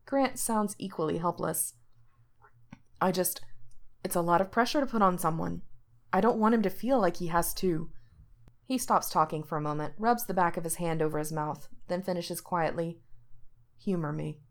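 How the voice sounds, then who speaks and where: A woman with a lowish voice narrates a work of fiction for an audiobook at a normal speed, shifting her voice slightly for the characters' lines.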